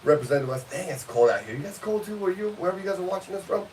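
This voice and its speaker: A man hosting a casual podcast, loud and showy, teasing his co-host in banter. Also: high voice, lively intonation, very fast. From California. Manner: boisterous showman, teasing banter. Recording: distant mic with hiss.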